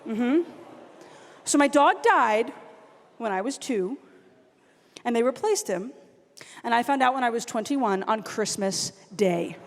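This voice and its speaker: A young woman from the American South giving an animated storytelling talk at a youth conference, acting out her family members as she goes. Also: on the high side, unhurried, long pauses. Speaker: conference speaker. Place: large conference hall. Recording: long hall reverb.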